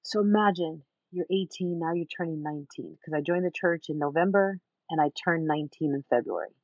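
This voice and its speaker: A woman with a somewhat low voice tells her own story as an interview guest, emphatic and animated, slipping into the voices of the people she quotes. The sound is dull and lo-fi, with a dry, close feel and no room echo. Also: brisk. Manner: emphatic, animated, acts out other people's words.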